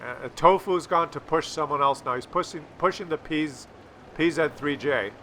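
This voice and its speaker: A man's voice: fairly high pitch, moderate pace, sharp tone, a little hiss or hum. A man doing sarcastic, mocking commentary over a game replay, swearing freely as he calls out a troll. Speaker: gameplay commentator.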